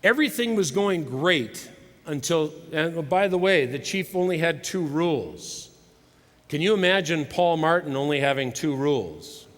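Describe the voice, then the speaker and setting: A middle-aged man giving a motivational sermon at a conference, telling stories dramatically and swinging between loud and hushed delivery. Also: fairly high pitch, expressive, a little slow. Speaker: conference speaker. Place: large hall with live audience. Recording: live hall recording with long reverb.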